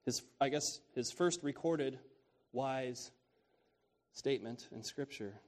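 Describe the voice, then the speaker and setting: A man's voice: mid-range voice, slow pace, darkish tone. A man preaching a sermon on scripture in a casual, conversational way, repeating key phrases and often asking "right?".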